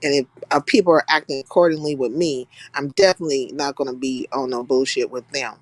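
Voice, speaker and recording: A woman's voice: rumbling low, steady tone, brisk, no echo. A young woman from California hosting a live stream in blunt, profane, casual chat, laughing often. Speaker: livestream host.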